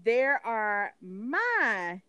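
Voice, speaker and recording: A woman's voice: on the high side, very animated, extremely slow, sharp tone, clear, resonant tone, no echo, studio quality. A woman co-hosting a podcast in casual chat, sassy and playful in her teasing. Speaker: podcast co-host.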